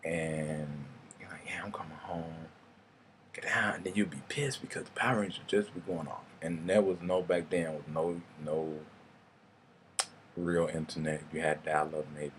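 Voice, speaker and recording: A man's voice: sits low, steady tone, normal speed, a little hiss or hum. A young man, telling rambling, casual stories and swearing freely in a vlog. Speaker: vlogger. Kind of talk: casual storytelling monologue.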